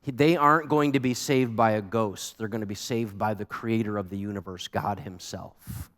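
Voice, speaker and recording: A male pastor preaching a sermon, earnest and animated, repeating words for emphasis. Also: lowish voice, normal speed, long reverb tail. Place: church sanctuary.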